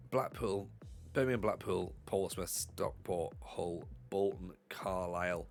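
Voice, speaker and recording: A Northeast English man chats loosely through a live stream of a football management game, full of self-deprecating jokes. His voice sits low and turns gravelly, roughened further by a cold, and game music plays clearly behind him. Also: unhurried. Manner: rambling, joking, self-deprecating. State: has a cold. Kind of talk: casual live-stream commentary.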